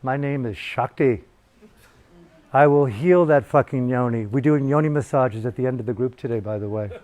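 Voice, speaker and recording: A man's voice: mid-range voice, normal speed, darkish tone, lightly acted. A man voicing a smarmy male tantric healer, talking in a leering, self-promoting way.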